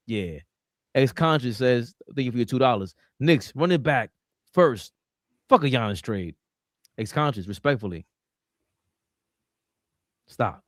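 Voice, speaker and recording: A man's voice: mid-range voice, no room sound, studio quality. A man hosting a casual sports podcast, brash and swearing, laughing often as he reads viewer messages. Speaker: podcast host.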